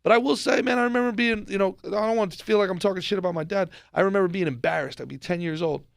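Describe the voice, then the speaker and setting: A man from New Jersey co-hosting a podcast, telling stories in an animated, profane way and acting out quotes. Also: high-pitched, racing, vocal fry, no room sound, clean studio sound. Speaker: podcast co-host. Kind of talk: casual podcast chat.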